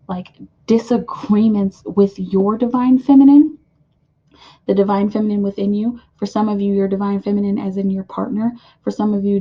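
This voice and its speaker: A woman's voice: mid-range voice, lo-fi sound. A woman giving a casual card reading to her viewers, chatty and full of fillers, often calling out to "you guys". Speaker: tarot card reader.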